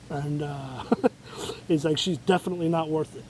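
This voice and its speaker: A man's voice: on the high side, fairly even intonation, moderate pace, darkish tone, a little hiss or hum, poor audio. Agitated, profane New man ranting. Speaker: show host. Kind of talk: ranting monologue.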